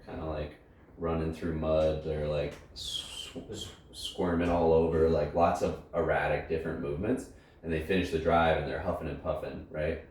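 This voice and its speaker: A man's voice: extremely low pitch, flat delivery, moderate pace, a little mellow. A man who judges dog trials, talking casually and rambling a little, swearing freely. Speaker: trial judge and decoy trainer. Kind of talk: casual chat. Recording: roomy echo, distant mic, faint noise.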